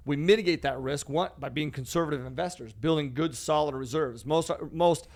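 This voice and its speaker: Energetic male podcast host, emphatic. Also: on the high side, fairly quick. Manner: energetic, emphatic, calls his co-host "bro" and "dude". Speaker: podcast host, real estate investor. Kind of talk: casual podcast chat.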